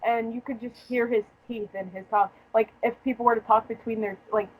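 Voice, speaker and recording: A woman's voice: on the high side, steady tone, a little fast, husky, poor audio. Profane, joking young woman telling stories. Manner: profane, joking storyteller who laughs often. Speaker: podcast host. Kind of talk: casual chat.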